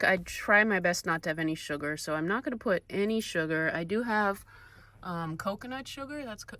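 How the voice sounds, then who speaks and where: A woman's voice: on the low side, bright, forceful tone, low-quality recording. A woman with a cold talking casually through a cooking vlog in her van, rambling with frequent ums and restarts. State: has a cold. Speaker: vlogger. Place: inside a parked van.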